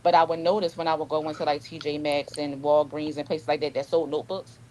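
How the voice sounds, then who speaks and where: A woman author talking in a casual interview, telling stories in an animated way and acting out dialogue. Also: deep voice, fast, rough recording. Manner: animated storyteller, acts out dialogue. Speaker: author guest.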